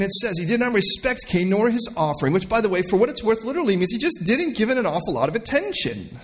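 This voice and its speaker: A man preaching a sermon in an animated way, explaining the meanings of old words and acting out voices from the scripture story. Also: a little high. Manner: explains word meanings from the original language. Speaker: pastor.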